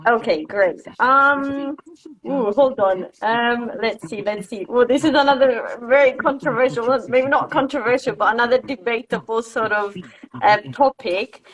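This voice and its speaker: A woman's voice: fairly high pitch, rough recording. A woman, an English teacher, hosting a live video call and agreeing with her guest. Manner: affirming, quick agreement, filler-heavy. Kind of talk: casual live-stream conversation.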